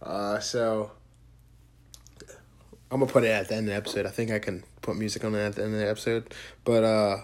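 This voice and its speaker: A man's voice: on the low side, little pitch movement, fairly quick, pauses often. A man co-hosting a podcast, rambling loosely in casual chat, joking and swearing. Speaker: podcast co-host.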